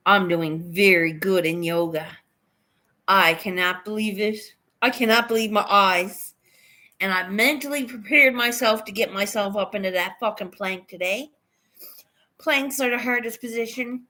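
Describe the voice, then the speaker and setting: A woman chatting to her livestream viewers, telling a funny story, often laughing and swearing as she goes. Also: mid-range voice. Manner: giggly, swears a lot, animated storytelling. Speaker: livestreaming vlogger. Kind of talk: casual storytelling chat.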